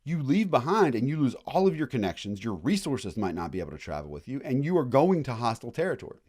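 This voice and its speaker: A man giving a casual college history lecture in a classroom, joking and acting out quick voices of historical groups. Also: mid-range voice, big pitch swings, a little mellow.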